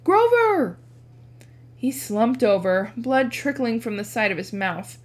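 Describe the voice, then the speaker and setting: A woman teacher reading a chapter book aloud with expressive narration. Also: measured pace. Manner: animated, changes pitch for dialogue.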